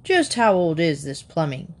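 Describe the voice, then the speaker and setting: Woman doing a gruff heavyset house buyer. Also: low-pitched, sing-song, unhurried. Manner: grunting, clipped and blunt.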